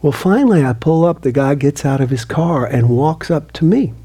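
A man and author giving an earnest storytelling talk, often dropping his voice to a hushed near-whisper. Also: fairly high pitch, expressive, normal speed, slightly rough. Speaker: motivational speaker and author.

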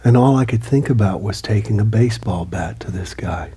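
A man tells a personal story to an audience in an earnest way. His voice is very breathy and husky, with a mellow, warm tone. He often sinks into a hushed near-whisper. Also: fairly low pitch, brisk. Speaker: motivational speaker and author.

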